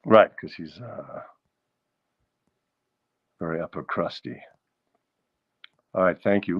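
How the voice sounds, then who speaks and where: A man hosting a live stream, singing old standards slowly and chatting in a quick, joking way between songs. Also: low-pitched, breathy edge, lo-fi sound. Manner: croons show tunes slowly, then chats fast and jokey. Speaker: host of a live music stream.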